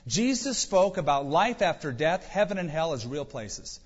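A man's voice: a little high, very animated, moderate pace, breathy edge. A male pastor preaching a sermon, driving points home with emphatic rhetorical questions. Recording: dull reverberant hall recording.

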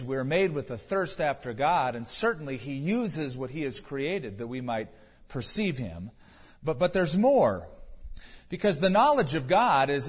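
Husky-voiced man preaching a sermon. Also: fairly high pitch, long reverb tail, highs cut off. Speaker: pastor.

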